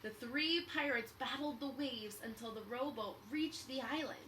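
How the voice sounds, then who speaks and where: A woman teacher reading a children's book aloud at story time, expressive and encouraging. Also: sits high, normal speed, distant mic, a little hiss or hum, low-quality recording.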